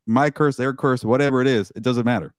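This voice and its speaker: A man co-hosting a casual sports talk show, excitable and quick, often repeating words as he goes. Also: medium pitch, no room sound, studio quality. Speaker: co-host and team reporter.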